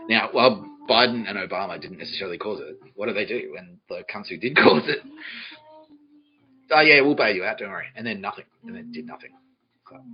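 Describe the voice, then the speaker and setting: A man hosting a comedy podcast, rambling and swearing, often laughing, swinging between mumbles and shouts. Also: on the low side. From Australia. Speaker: podcast host. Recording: dull lo-fi podcast audio with faint music.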